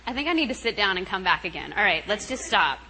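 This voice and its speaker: A woman's voice: mid-range voice, big pitch swings, fast talker, noisy background. A middle-aged woman giving a chatty, laughing retreat talk, acting out the voices of others as she tells a story. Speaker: guest speaker at a retreat.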